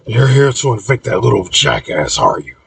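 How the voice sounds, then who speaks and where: A man's voice: medium pitch, big pitch swings, normal speed, vocal fry, fairly bright tone, breathy edge, no room sound, distant mic, heavily acted. A man voicing a cranky, blunt elderly man in his seventies in an audiobook reading.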